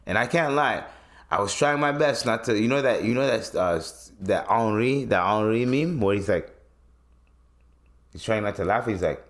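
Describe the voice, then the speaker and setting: A man's voice: on the low side, expressive, moderate pace. A man in his twenties hosting a podcast, chatting loosely and rambling with plenty of swearing. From Canada. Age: 20s. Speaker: podcast host. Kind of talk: casual podcast chat.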